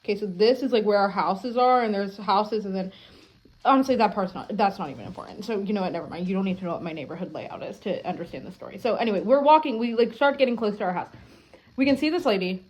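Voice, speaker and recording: A young adult woman vlogging at home, telling a story in a rambling, animated way, full of filler words and frequent swearing. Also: mid-range voice, fast talker. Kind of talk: casual storytelling to camera.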